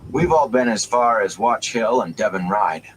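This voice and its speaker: A man's voice: fairly low pitch, expressive, normal speed, slight background noise, voice pushed up, close to an everyday voice, low-quality recording. A man doing a big, good-humored village lad. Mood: friendly.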